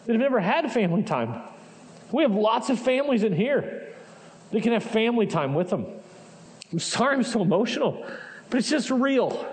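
High-voiced pastor, impassioned conversational sermon, lots of rhetorical questions. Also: male voice. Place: church sanctuary.

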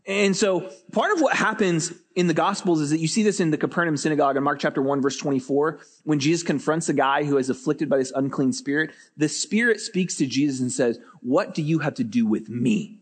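A man preaching a sermon as pastor, telling stories with lively energy and often repeating words as he starts a phrase. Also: on the high side, brisk, hardly any pauses, breathy edge, big-room sound.

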